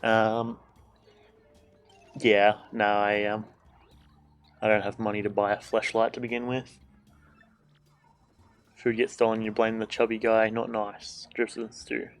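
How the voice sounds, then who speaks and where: A man with a fairly low voice chats his way through a game stream from a desk microphone at home. He jokes and swears freely and reads the game's lines out loud. Soft game music plays behind him. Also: completely flat delivery, a little slow, long pauses. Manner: joking and irreverent, swears, reads game dialogue aloud. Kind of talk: casual gameplay commentary.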